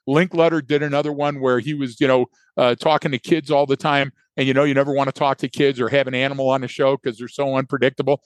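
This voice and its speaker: Animated man telling a story. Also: mid-range voice, fast talker, few pauses, no echo. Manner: animated storyteller who acts out his own thoughts. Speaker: podcast co-host. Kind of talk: casual conversational storytelling.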